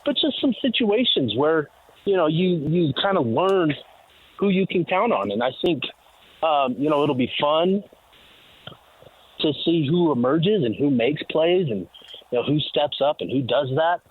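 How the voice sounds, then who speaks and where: A man's voice: on the high side, expressive, unhurried, slightly rough. A man calling in as a team insider, giving casual sports analysis with many fillers while walking to the stadium. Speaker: team insider on phone line. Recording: tinny phone line.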